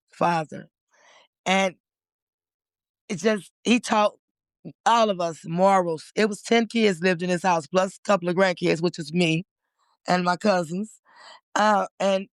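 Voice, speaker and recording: Candid woman, warm dry-sounding voice. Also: medium pitch, no echo. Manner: candid, emotional, talks in bursts with restarts. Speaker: interview guest, community organizer. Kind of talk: casual conversational interview.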